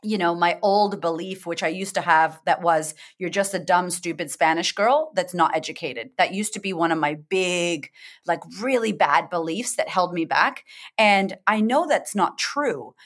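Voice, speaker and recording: A woman's voice: on the low side, normal speed, fairly bright tone. A middle-aged woman, a confidence coach, telling stories expressively in a casual interview, acting out her own thoughts and laughing often. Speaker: confidence coach, podcast guest. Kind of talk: animated storytelling in casual interview.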